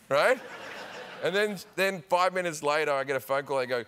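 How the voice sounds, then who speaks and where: An Australian man spins a comic story on a talk show, animated and full of acted-out voices. His voice sits a touch high and rings bright and forceful. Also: fast talker, a little hiss or hum. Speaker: comedian guest.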